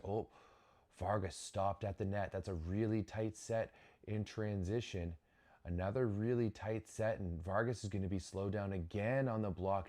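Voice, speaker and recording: A young man whose voice sits on the low side, speaking at normal speed, hosts a volleyball watch-along. He gives casual live commentary with frequent restarts and sudden excited exclamations.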